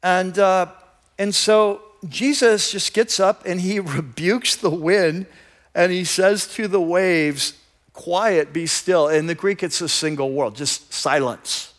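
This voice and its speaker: High-voiced male pastor telling a story. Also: takes it slowly, fairly bright tone. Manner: conversational, vivid storytelling; enthusiastic. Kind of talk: sermon.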